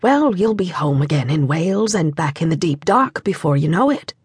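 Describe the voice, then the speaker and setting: A woman voicing a shy, earnest young Welsh coal miner in an audiobook, speaking quietly and bashfully. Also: deep voice, big pitch swings, moderate pace, breathy edge, dry recording, clean studio sound, pitched below the performer's own voice, heavily acted. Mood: wry.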